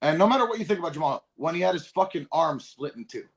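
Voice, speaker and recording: A man's voice: a little high, lively intonation, fast talker, creaky. A man co-hosting a fight recap podcast, cursing freely and cutting in with emphatic points in casual chat. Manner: profane, emphatic, interjecting. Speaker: podcast co-host.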